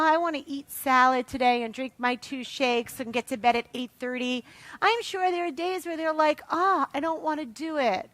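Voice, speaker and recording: A middle-aged woman with an East Coast American accent, giving an emphatic, animated motivational talk to a sales audience. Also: high-pitched, no echo. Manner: emphatic, animated, fast and punchy, acts out quotes. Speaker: motivational speaker at a sales event.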